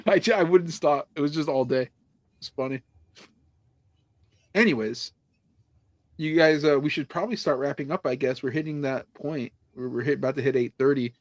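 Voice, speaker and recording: A man's voice: on the high side, normal speed, long pauses, no echo. A man hosting a podcast, telling rambling stories in casual chat, laughing often and swearing freely. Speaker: podcast host.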